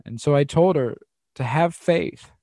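A man hosting a podcast, telling a story in a loose, chatty way. He trips over his words, fills pauses, and slips into voices for the people in his tale. The sound is close and dry, with no room around it. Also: on the high side, vocal fry, no echo. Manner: animated storyteller, acts out quotes, frequent fillers and restarts; laughs often while talking. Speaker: podcast host. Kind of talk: casual storytelling monologue.

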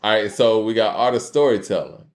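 A man's voice: lowish voice, fairly quick. A man hosting a casual live-streamed debate, loose and conversational, reading viewer messages aloud. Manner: loose and conversational, many fillers, walks through examples. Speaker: host reading super chats.

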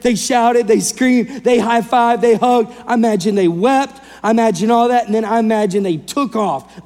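Preaching in a large hall, a man with a high-sitting voice brings his sermon to life by playing the story's characters. His delivery swings between booming and hushed.

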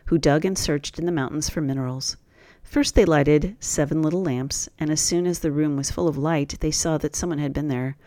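Man, storybook narration, steady reading, slightly high voice, dry close sound. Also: no echo. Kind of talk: fairy-tale read aloud.

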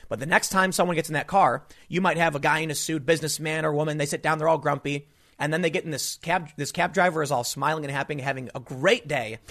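A man's voice: fairly high pitch, fast talker, a bit bright. A man giving an emphatic, indignant opinion monologue, telling stories with frequent restarts. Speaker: political commentator.

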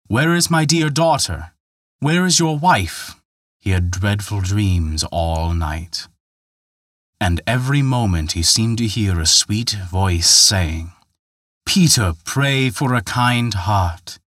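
A storyteller narrates a folktale in a scripted, dramatic telling, recorded dry with studio quality. He raises his pitch and volume whenever he voices quoted characters.

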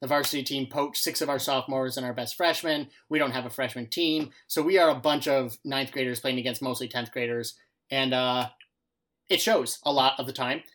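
A young man, a podcast co-host who coaches baseball, talking in casual chat and telling lively stories. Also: medium pitch, fairly quick. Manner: animated storytelling, quotes others in lively bursts.

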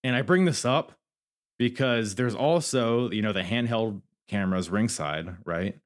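A man's voice: fairly low pitch, unhurried. A man hosting a podcast, rambling candidly through a casual review and swearing freely. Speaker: podcast host.

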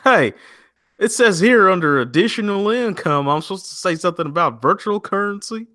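A man's voice: sits high, animated, a little fast, bright, forceful tone, no room sound, studio quality, voice pushed up. Comic bit: a man doing a puzzled Alabama man, raised voice, folksy drawl. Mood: baffled. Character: drawling small-town Southern man, baffled.

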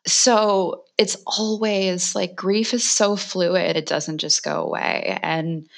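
A woman in her forties, a guest author, talking candidly and emotionally in a quick conversational way, full of "like" fillers. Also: lowish voice, fairly even intonation, gravelly. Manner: emotional, fast, frequent "like" fillers.

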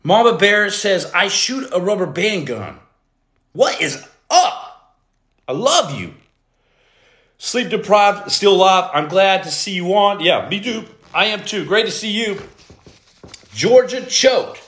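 Animated man hosting a motivational livestream. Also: high voice, unhurried, echoey room. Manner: animated, greets viewers and reads comments aloud. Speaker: podcast host, former Navy SEAL.

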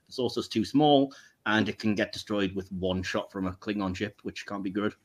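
A man hosting a casual podcast, chatty and quick to laugh. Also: fairly low pitch. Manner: chatty, laughs often, animated. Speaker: podcast host.

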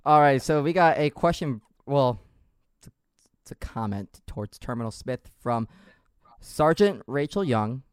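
A man's voice: medium pitch, lively intonation, a little slow, clean tone, dry recording, studio quality. A man hosting a casual podcast, reading out a listener's story in a loose, joking way. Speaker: podcast host.

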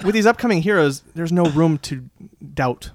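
Playful, laughing man, slightly high. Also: animated, normal speed, over a noisy crowd. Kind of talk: casual podcast chat.

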